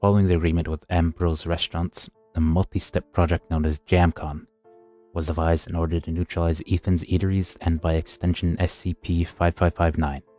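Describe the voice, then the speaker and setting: A man's voice: sits low, little pitch movement, brisk, dark tone, soft background music. A man sight-reading a story aloud on stream, plainly and with small stumbles.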